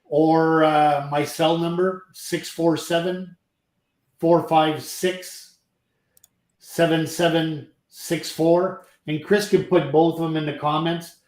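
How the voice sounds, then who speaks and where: A man's voice: fairly high pitch, little pitch movement, slow pace, a little mellow, roomy sound. A friendly, talkative man from Canada, a company president speaking as a podcast guest, who laughs easily. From French Canada. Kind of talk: casual chat.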